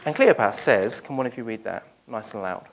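A preacher giving a lively sermon, retelling a Bible story and acting out its dialogue for the congregation. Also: medium pitch, fairly quick, slight background noise. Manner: speaks directly to the congregation.

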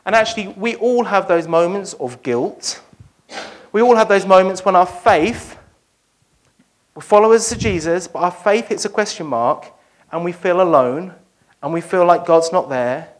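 A preacher giving a lively sermon, retelling a Bible story and acting out its dialogue for the congregation. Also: medium pitch, normal speed. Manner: speaks directly to the congregation.

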